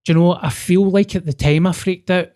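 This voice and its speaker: Male podcast co-host, mellow voice, swears a lot, acts out quotes. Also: high voice, quick pace. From Scotland. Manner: sweary, animated storyteller acting out dialogue. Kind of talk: casual storytelling chat.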